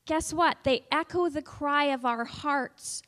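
A woman with a high voice leads a children's Bible lesson. She talks in a coaxing way and keeps asking the kids questions and inviting them to take part. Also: slow pace, a bit bright, no room sound. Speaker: children's church teacher.

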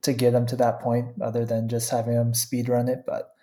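A co-host in a casual anime discussion, talking in a relaxed, laid-back way and laughing softly. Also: medium pitch, a little fast. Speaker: podcast co-host.

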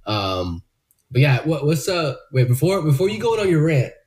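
A man's voice: on the high side, big pitch swings, moderate pace, darkish tone. A man co-hosting a podcast in casual chat, loose and profane with plenty of fillers. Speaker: podcast co-host.

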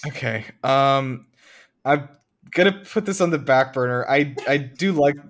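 A man co-hosting a loose, casual podcast, rambling through listener submissions. He talks with lots of fillers and restarts, at an ordinary middle pitch. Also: a little slow, a bit bright. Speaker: podcast co-host. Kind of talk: casual chat.

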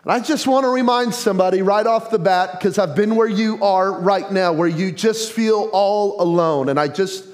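A male pastor preaching a sermon with growing passion, sometimes building to a yell, with joking self-deprecating asides. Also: high-pitched, moderate pace, hardly any pauses.

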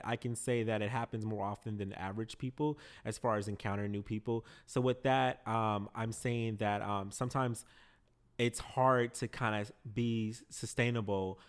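A man hosting a podcast, speaking candidly in casual conversation and laughing a little when he gets emotional. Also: lowish voice. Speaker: podcast host.

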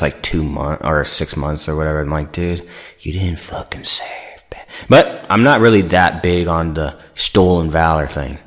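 A man's voice: low voice, fairly bright tone. A young man hosting a podcast, telling a rambling, profane story and acting out the voices of people he quotes. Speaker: podcast host. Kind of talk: casual storytelling rant.

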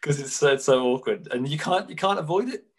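A man co-hosting a podcast in casual chat, telling animated stories and slipping into quick mimicked voices of other people. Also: fairly high pitch, rough recording. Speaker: podcast co-host.

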